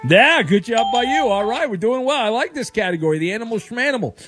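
A man hosts a sports radio show and runs a quiz with callers, joking as he goes. His voice sits fairly high. A faint music bed plays beneath him. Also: expressive. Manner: jokey, upbeat, quick asides. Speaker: radio sports talk host. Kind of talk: radio show with call-in game segment.

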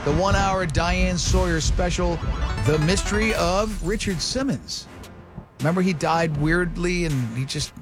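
A man's voice: high voice, measured pace, over music. A man co-hosting a radio show in casual chat, joking and tripping into restarts.

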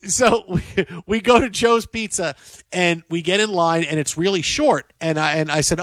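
Sports talk co-host, male, high voice, dry close mic, repeats himself when fired up. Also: moderate pace, no room sound. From Detroit area. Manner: animated, repetitive, rants with mock indignation. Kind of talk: casual sports talk banter.

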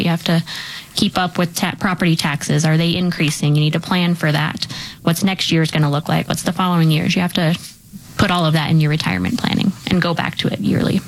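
A woman speaks as a guest advisor on a talk show, laying things out in a friendly, plain way with a few fillers. Her voice sits low for a woman. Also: low-quality recording. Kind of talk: casual talk show chat.

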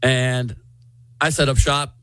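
A man in his thirties, a morning radio host, telling a story with lively acted-out quotes. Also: mid-range voice, takes it slowly, clear, resonant tone, dry recording. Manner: animated storyteller, acts out quotes.

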